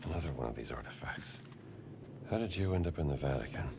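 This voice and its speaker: A man voicing a gruff adult male adventurer in video game dialogue. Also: a bass voice, lively intonation, fast talker, background noise. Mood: terse.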